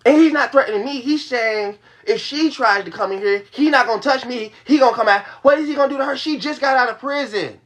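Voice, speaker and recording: A man's voice: very high voice, fairly quick, few pauses, a bit bright. A young man venting to his livestream audience in a heated, profane rush, repeating his points. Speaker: livestream host. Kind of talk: venting to a live stream audience.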